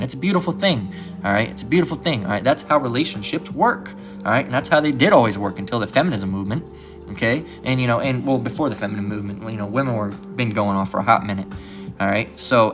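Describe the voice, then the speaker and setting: Blunt, profane male street preacher. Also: lowish voice. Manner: blunt, profane, repeats "all right" often. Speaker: religious teacher. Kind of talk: casual preaching lesson.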